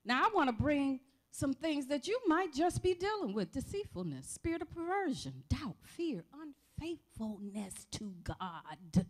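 A woman preaching a sermon in a church, calling out to the congregation for responses with shouts of praise. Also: high voice, sing-song, a little slow, few pauses. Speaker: pastor. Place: church sanctuary.

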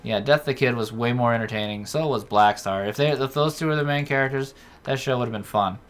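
Profane, excitable male let's-play host. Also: medium pitch, fairly quick. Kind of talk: casual gameplay chat.

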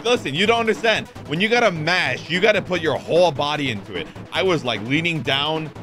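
Swearing streamer dude reacting to a game, voice jumps all over the place, quiet game music underneath. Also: male voice, on the high side, brisk. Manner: excitable, profane, reads game text aloud. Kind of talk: casual gameplay commentary.

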